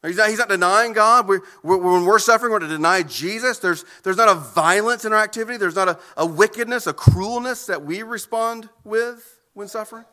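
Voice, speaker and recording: A man's voice: sits high, fairly quick, hardly any pauses, bright, forceful tone. A man preaching a sermon in an earnest way, often repeating words as he goes. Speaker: pastor.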